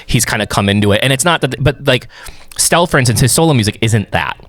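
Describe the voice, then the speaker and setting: A man's voice: mid-range voice, animated, quick pace, fairly bright tone, dry recording. A man co-hosting a music reaction show, chatting casually and explaining vocal technique at length. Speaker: music producer co-host.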